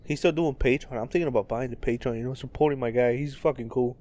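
A young man co-hosting a podcast at an ordinary mid pitch. He muses in loose, profane casual chat, thinking out loud. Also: fast talker. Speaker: podcast co-host.

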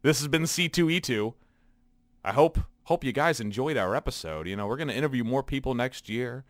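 A man's voice: medium pitch, fairly quick, no echo. A man co-hosting a podcast, telling stories casually and with lots of swearing, acting out his own reactions as he goes. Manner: animated, profane storytelling with acted-out reactions. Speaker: podcast co-host. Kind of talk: casual chat.

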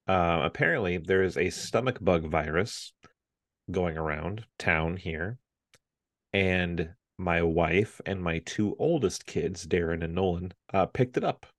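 Low-voiced man telling a lively family story. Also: measured pace, dry recording, studio quality. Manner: animated storyteller, acts out family members' voices. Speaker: podcast host. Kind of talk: casual chat.

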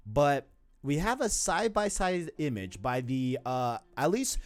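A man co-hosts a casual gaming talk show in a slightly high, animated, unhurried voice. He's loose and slangy, often tacking on "you know what I'm saying."

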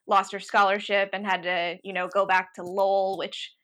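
A young woman co-hosting a podcast, chatting casually and laughing often between quick asides. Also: mid-range voice. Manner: giggly, animated, talks in quick asides. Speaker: podcast co-host. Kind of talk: casual chat.

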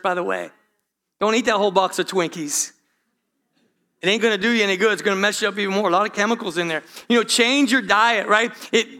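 High, bright-voiced man preaching a sermon. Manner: preaching to the congregation with many asides and restarts. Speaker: pastor. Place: church.

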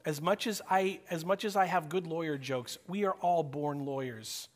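A man preaching a sermon in a high, lively voice. He urges his listeners loudly, then drops to a near-whisper, and he acts out the voices he quotes while asking the room direct questions. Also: moderate pace, few pauses. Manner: animated preaching, swings from loud urging to hushed near-whisper. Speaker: pastor.

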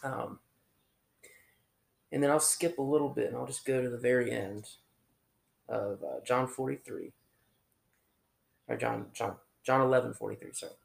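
A man preaches in a loose, conversational way, often stopping and restarting his sentences. His voice carries heavy vocal fry and a gravelly edge, set at an ordinary middle pitch. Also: fairly even intonation, reverberant. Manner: conversational, halting, many restarts and fillers. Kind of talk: informal sermon.

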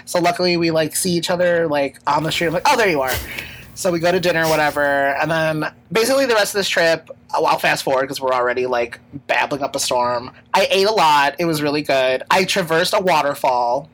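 A woman's voice: low-pitched, fairly quick, hardly any pauses, poor audio. A woman hosting a podcast, telling a travel story in a rambling, filler-heavy way with casual swearing and laughs. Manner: rambling, lots of fillers and restarts. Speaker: podcast host.

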